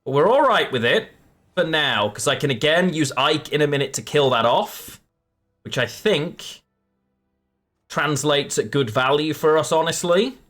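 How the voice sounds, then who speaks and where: A man's voice: fairly high pitch, expressive, a little slow, fairly bright tone, faint music behind. A man live-streaming a card game, chatting with viewers and correcting himself as he plays. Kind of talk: live game commentary to chat.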